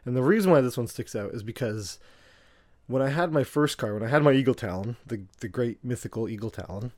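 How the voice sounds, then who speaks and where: A man's voice: mid-range voice, fairly quick, a little mellow, no echo, studio quality. A man co-hosting a podcast, talking in a hesitant, casual way with lots of fillers. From Canada. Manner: hesitant, with many fillers and laughs. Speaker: podcast co-host.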